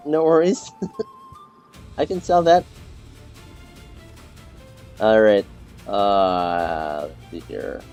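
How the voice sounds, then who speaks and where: A man's voice: lowish voice, big pitch swings, extremely slow, long pauses, a little mellow, soft background music. A young man streaming a game, chatting casually with teammates, rambling and repeating himself with lots of fillers and restarts. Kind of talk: casual gameplay chat with teammates.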